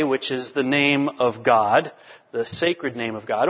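A man preaching a sermon as pastor, reading scripture and teaching in a measured way to his congregation. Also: medium pitch, fairly even intonation, in a large hall, muffled recording. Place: church sanctuary.

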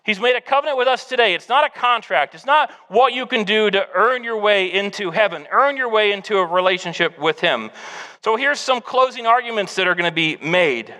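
High, bright-voiced male preacher. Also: expressive, brisk, smooth, long reverb tail. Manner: earnest, exhortative preaching. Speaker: pastor. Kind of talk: sermon.

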